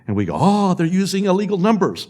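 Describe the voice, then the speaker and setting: Lively-voiced man telling stories at a panel. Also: high voice, fast. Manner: storytelling with acted-out quotes and laughs. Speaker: panel speaker. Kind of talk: public panel talk.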